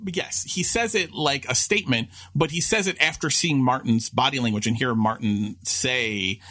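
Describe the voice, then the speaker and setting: Bright-voiced man, rambling podcast co-host. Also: mid-range voice, normal speed. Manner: rambling, restarts and filler-heavy, animated asides. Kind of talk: casual chat.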